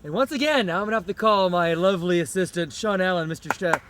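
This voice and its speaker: A man hosting an outdoor grilling show, talking through a recipe in a hammy, excitable way and hollering over the food. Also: high voice, fast, noisy background. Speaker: cooking show host. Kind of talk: upbeat cooking demo chat.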